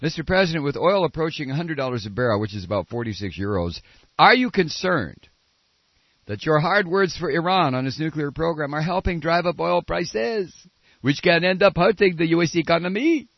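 A man's voice: fairly high pitch, expressive, brisk, dry recording. A man voicing a male French reporter in an exaggerated, mocking put-on French accent, recorded lo-fi. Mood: pressing. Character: male French reporter asking pointed questions.

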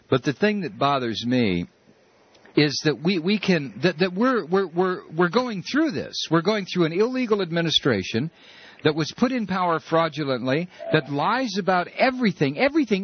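A man hosting a call-in radio show, his voice husky and a little high. He rants with passion and trips over his own restarts. The broadcast sound is dull and muffled. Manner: impassioned, ranting, many restarts. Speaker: radio talk show host.

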